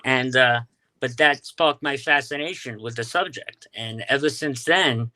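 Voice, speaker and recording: The guest, a UFO sky watcher from Staten Island, has a New York accent and a sharp-toned, mid-range voice that moves a little slowly. He tells stories in casual interview chat, stumbling through many fillers and restarts.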